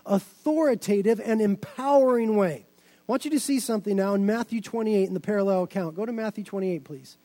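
A man preaching a sermon as a pastor, with emphatic delivery that builds to excited shouts. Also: extremely high pitch.

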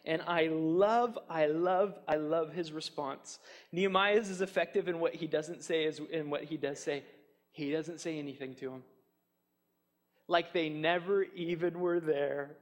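A man preaching a sermon, animated and chatty, acting out taunts with fillers and restarts. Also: on the high side, unhurried, long reverb tail. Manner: animated, mocks enemies' taunts in a raised voice. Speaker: pastor.

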